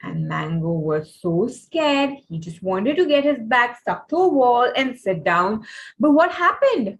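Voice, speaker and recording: Young woman, kids' storyteller; high, very animated delivery. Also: a little slow, poor audio. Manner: animated, dramatic, asks the kids questions. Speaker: storytelling teacher for kids. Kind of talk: children's storytelling class.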